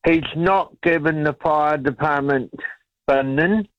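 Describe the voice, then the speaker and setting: A New man calling into talkback, speaking slowly and rambling through an indignant complaint. His voice comes through dull and muffled, with a dry, close sound. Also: on the high side, dry recording. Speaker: radio caller. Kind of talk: phone-in chat.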